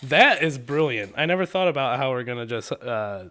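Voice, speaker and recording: A man with a mid-range voice co-hosts a relaxed comedy podcast. He speaks in a laid-back, easygoing way, swears casually and fills gaps with quick reactions. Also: mid-range voice. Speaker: podcast co-host.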